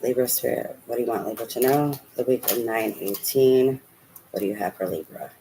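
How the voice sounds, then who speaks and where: A man's voice: medium pitch, fairly quick. Male tarot reader, casual, chatty, a bit profane, mid-range voice, faint background noise. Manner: chatty, swears casually, talks to spirit aloud.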